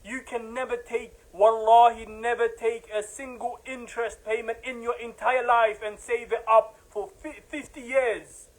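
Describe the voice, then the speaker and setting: Guy preaching hard, high voice, hammering the same lines over and over, gets heated. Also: flat delivery, measured pace, hardly any pauses, rough recording. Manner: emphatic, repetitive, rising to heated outbursts. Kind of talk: impassioned religious lecture.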